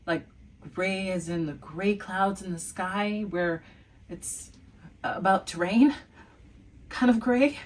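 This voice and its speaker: A woman teaching a beginner French lesson, playfully quizzing the viewer with hums and pauses and carefully enunciating each French word. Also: mid-range voice, far from the mic, slight background noise. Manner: exaggerated enunciation of French words.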